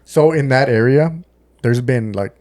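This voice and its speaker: In a dry, clean studio recording, a man with a mid-range, darkish voice tells a story at a measured pace. He's an ex-deputy co-hosting a podcast, talking in a West Texas accent, swearing often, and acting out quotes loaded with "like" and "dude" in a casual chat.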